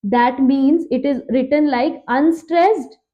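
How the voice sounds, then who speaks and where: A woman's voice: sits high, lo-fi sound. A woman with an Indian English accent, teaching an exam-prep literature lesson at a board, who asks questions, answers them herself and repeats key facts. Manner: quizzing, repeats key facts, slows to stress terms.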